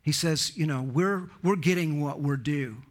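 Earnest male preacher, emphatic sermon. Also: a little slow. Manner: earnest, emphatic, rises in pitch on key points.

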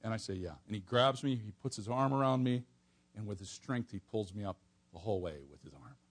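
A man preaching an expository sermon to a congregation, animated, swinging from soft asides to near-shouted emphasis. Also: on the low side, fairly quick.

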